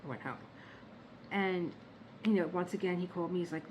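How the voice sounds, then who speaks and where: A woman vlogging from her home workspace, telling stories in a chatty, animated way and laughing at her own jokes. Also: on the low side, fairly quick, slight background noise, rough recording. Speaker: diamond painting vlogger. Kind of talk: casual storytelling chat.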